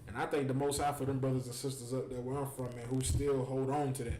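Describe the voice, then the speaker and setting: A man hosting a stream, telling stories in a casual, animated and joking way. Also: medium pitch, quick pace. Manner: animated, joking, full of fillers. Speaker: host. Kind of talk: casual storytelling and preaching on a stream. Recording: echoey room with faint noise.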